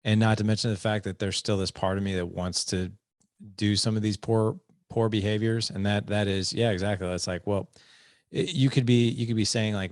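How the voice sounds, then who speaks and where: A man hosting a podcast in casual conversation, animated as he acts out quoted dialogue. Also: lowish voice, normal speed, dry recording, clean studio sound. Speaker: podcast host.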